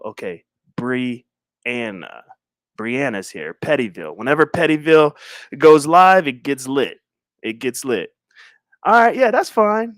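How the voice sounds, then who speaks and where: A man's voice: on the high side, no room sound, studio quality. A man hosting a casual livestream, talking in a laid-back, slangy, rambling way with chuckles. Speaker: livestream host.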